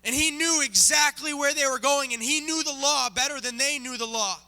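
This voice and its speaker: A man's voice: very high-pitched, moderate pace, sharp tone. A man preaching as a guest speaker, telling a story dramatically and acting it out with volunteers. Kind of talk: sermon storytelling. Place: church sanctuary. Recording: reverberant church hall.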